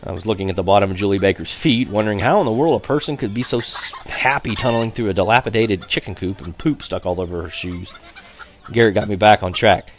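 A man reading a first-person story aloud in a lively, animated way, chuckling now and then. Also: fairly low pitch, fast talker.

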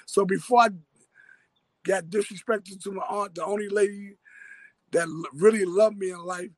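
Man, New York accent, high register, dry close sound; rambling slang storyteller. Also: fairly even intonation, normal speed, no echo, low-quality recording. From Harlem, New York. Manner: street slang, loose rambling narration. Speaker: interviewee. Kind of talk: casual storytelling.

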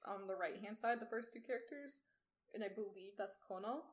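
A woman's voice: mid-range voice, a little fast. A woman in her twenties co-hosting a casual podcast, joking around playfully and laughing easily. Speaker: podcast co-host. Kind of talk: casual chat.

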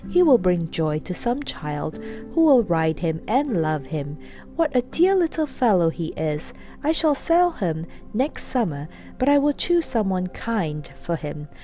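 A woman's voice: on the low side, very animated, a little slow, dark tone, faint music behind. A woman voicing a firm but kindly male farmer in a storybook reading.

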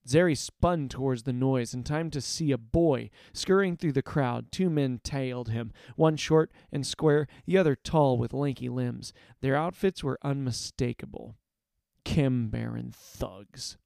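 A man narrating a story aloud in a measured, expressive reading voice. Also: medium pitch, gravelly, clean tone, no room sound, clean studio sound. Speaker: story reader.

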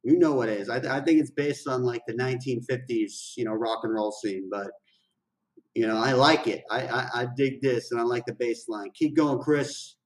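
A man hosting a music reaction video, chatting casually in excited slang and often repeating his phrases. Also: mid-range voice, moderate pace, far from the mic, rough recording. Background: the song playing faintly.

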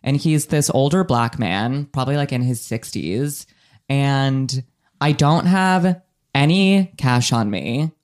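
A man's voice: medium pitch, lively intonation, takes it slowly. A young adult man casually telling a rambling personal story on a podcast, full of fillers and self-deprecating humor. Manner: rambling, full of likes and ums, laughs at himself.

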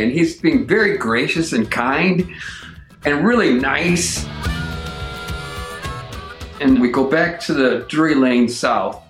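Animated man telling a story, roomy sound. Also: mid-range voice. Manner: animated, acts out quoted voices. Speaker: comedic actor telling a story. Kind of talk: casual storytelling.

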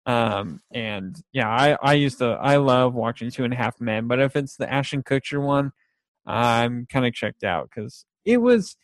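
A man's voice: medium pitch, animated, measured pace, dry recording. A young man chatting casually about favorite TV shows, rambling and laughing often as he acts out scenes.

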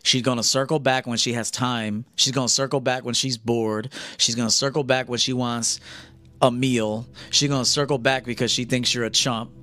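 A man's voice: mid-range voice, flat delivery, moderate pace, sharp tone. A man giving a blunt, profane lecture to men as a dating coach on a livestream.

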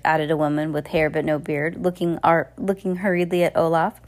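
A woman's voice: flat delivery, a little fast, hardly any pauses, darkish tone. A woman casually reading a novel aloud, stumbling and restarting often, with little spoken asides, and lifting her voice for the characters' lines. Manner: raises pitch for characters' lines. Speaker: amateur audiobook reader.

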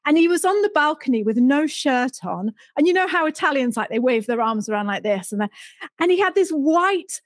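A middle-aged British woman telling an animated story with lots of laughter, acting out other people's voices. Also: high-pitched, moderate pace, no echo. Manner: animated, laughs often, acts out voices in quotes. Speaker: guest storyteller. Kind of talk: casual anecdote telling.

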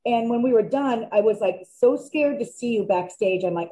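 A woman guest who used to wrestle tells animated backstage anecdotes in casual chat. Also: on the high side, moderate pace, slight background noise, rough recording. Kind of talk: casual storytelling.

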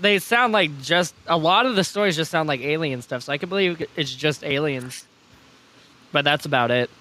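A man co-hosting a casual podcast chat, talking in a hesitant, halting way with plenty of restarts. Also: fairly high pitch, bright, forceful tone. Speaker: podcast co-host.

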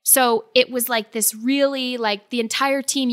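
A woman co-hosting a casual sports talk show, animated and quick to laugh as she acts out what others say. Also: sits high. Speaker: sports podcast co-host.

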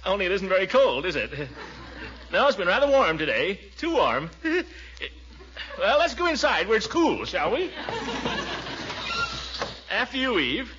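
A blustering, pompous uncle. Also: male voice, sits high, sing-song, measured pace, long pauses. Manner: blustering, nervous laughter, stammers. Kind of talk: 1940s radio comedy acting. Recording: dull old radio recording.

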